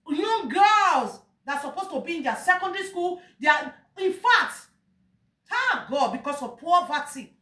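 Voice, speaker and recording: Impassioned Nigerian woman, high echoing voice. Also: bright, forceful tone, distant mic. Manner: emotional, pleading, crying out to God. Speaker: vlogger. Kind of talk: impassioned monologue. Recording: echoey room, voice off-mic.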